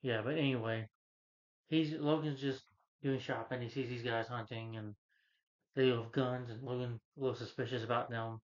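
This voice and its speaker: A man casually retelling a film's plot as a reviewer, rambling and halting with lots of "you know" and restarts. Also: medium pitch, fairly even intonation. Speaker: movie reviewer. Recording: slightly dull lo-fi recording.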